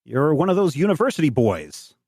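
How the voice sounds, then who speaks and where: A man voicing a thin, suspicious old male farmer in a tabletop game, blunt and gruff. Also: sing-song, fairly quick, a little mellow, no echo, clean studio sound. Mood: gruffly hospitable. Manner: high strained put-on voice, blunt.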